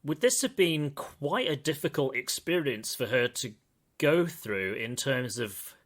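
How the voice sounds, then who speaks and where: A man's voice: mid-range voice, animated, unhurried, fairly bright tone. A man hosting a podcast, discussing a film in casual, digressive chat and calling himself a pedant. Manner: thoughtful, digressive, self-described pedant. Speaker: podcast host.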